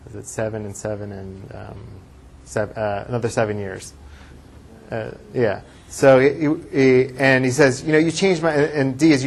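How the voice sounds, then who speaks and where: Man teaching a class, thinking aloud. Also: medium pitch. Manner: thinks aloud, reads verses aloud with emphasis. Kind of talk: classroom lecture with discussion.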